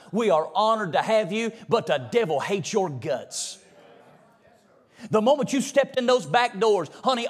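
A man preaching a sermon in a church, fiery and rhythmic, singing out some phrases. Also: high voice. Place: church sanctuary.

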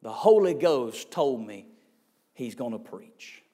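An elderly Sunday school teacher speaks softly and earnestly, quoted by a preacher in a lower, hushed voice. Her tone is plain and sincere, never theatrical. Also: big pitch swings, takes it slowly. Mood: tender. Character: gentle old Sunday school teacher woman.

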